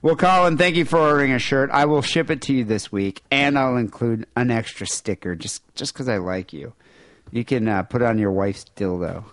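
A man's voice: medium pitch, moderate pace, dry recording. A man with a nasal voice hosting a casual podcast, chatting and reading listener emails aloud. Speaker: podcast host.

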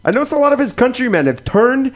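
Lively American male podcast co-host. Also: very high voice, quick pace. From United States. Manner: profane, jokey banter. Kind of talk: casual chat.

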